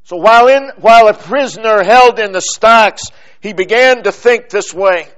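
A man preaching a sermon, delivering it deliberately with dramatic pauses and phrases that fall away at the end. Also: high voice, fairly bright tone.

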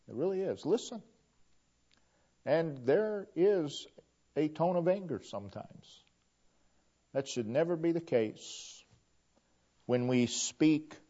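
A man's voice: medium pitch, dark tone. A man preaching a sermon in an earnest way, often repeating and restarting phrases. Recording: dull lo-fi recording.

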